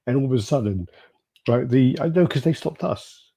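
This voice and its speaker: A man's voice: medium pitch, expressive, normal speed, gravelly, mellow, breathy edge. A man co-hosting a podcast, telling rambling stories in casual chat, swearing freely and laughing often. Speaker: podcast co-host.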